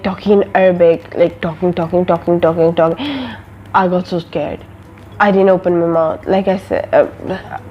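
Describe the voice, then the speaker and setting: A woman's voice: mid-range voice, lo-fi sound. A young woman from an Arab country, a vlogger telling a personal story in a casual, rambling way full of fillers and restarts.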